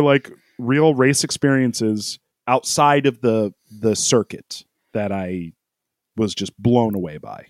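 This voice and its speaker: A man's voice: mid-range voice, no room sound, clean studio sound. A man telling a travel story in a casual chat, rambling with lots of fillers, laughing often and acting out quoted lines.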